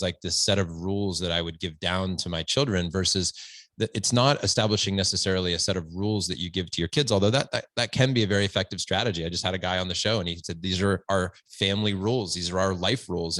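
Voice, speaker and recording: A man's voice: deep voice, fairly bright tone, no room sound. A man talking as a podcast guest, earnest and reflective, often restarting his phrases. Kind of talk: conversational interview. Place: at home, standing.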